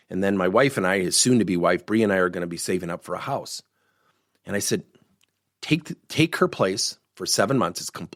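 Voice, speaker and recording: A man's voice: mid-range voice, no room sound, clean studio sound. A middle-aged man hosting a solo coaching podcast, telling personal stories and acting out the dialogue in them. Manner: animated storyteller, acts out quoted dialogue. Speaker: podcast host and workplace coach. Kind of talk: solo podcast monologue, storytelling.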